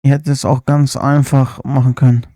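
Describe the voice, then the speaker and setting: A man's voice: mid-range voice, level tone, brisk, warm tone, no echo, studio quality. A man streaming a live reaction, chatting casually with asides while he watches a video.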